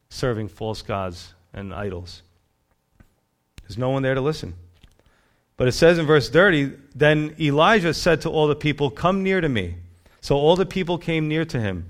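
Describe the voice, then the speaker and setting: Guy preaching a sermon, kinda high voice, reads verses then chats about them, gets loud sometimes. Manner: reads scripture aloud then comments conversationally; rising to loud emphatic bursts. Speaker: pastor.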